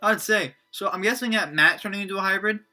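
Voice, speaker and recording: Brief: young man, casual read-aloud, self-mocking, stumbling, bright tone. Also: high voice, faint music behind. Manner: halting, self-mocking, many restarts. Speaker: reader of his own book.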